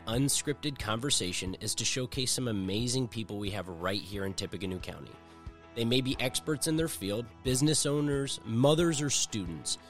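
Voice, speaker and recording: Earnest man reading a podcast intro. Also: lowish voice. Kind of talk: scripted intro read. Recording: faint music behind voice. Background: guitar music.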